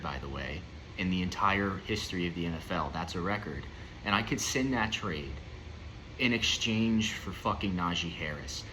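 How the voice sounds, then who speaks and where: Young man, low and forceful voice, ranting casual commentary full of swearing and restarts. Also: slight background noise. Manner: ranting, profane, rambling with many fillers. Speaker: fantasy football league member reviewing the week.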